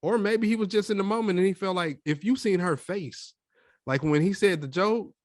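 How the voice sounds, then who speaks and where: Speaking at a moderate pace in a slightly high voice, a young podcast co-host spins a lively story during a casual chat, performing the quotes as he goes. The sound is close-miked and dry, without any room echo.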